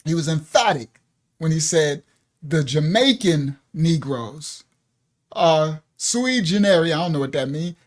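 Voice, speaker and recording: A man leads a livestreamed religious lesson, speaking straight to his viewers at home. He is loose and casual, yet he hits his points with emphasis and laughs easily. His voice sits a little higher than most men's. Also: lively intonation, unhurried. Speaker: ministry teacher. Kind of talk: livestream scripture teaching.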